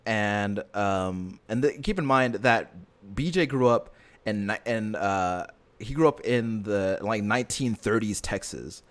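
A man with a fairly low voice talks in a loose, casual chat, circling back on himself with fillers and restarts. He sounds earnest and invested as he tells the story. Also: a little slow. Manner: rambling, filler-heavy retelling with many restarts.

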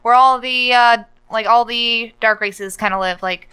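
A woman talks casually on a podcast, wandering through her point with many "uh"s and "like"s. Her voice is bright and crisp, with a smooth, clean tone. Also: on the high side, fairly even intonation, unhurried, rough recording. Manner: rambling, full of "uh" and "like". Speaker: podcast co-host. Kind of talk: casual chat.

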